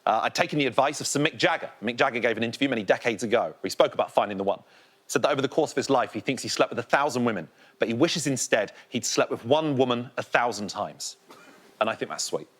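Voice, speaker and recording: Fast, animated comedian man. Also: mid-range voice. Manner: animated, rambling storytelling. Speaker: stand-up comedian. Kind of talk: stand-up routine on a panel show.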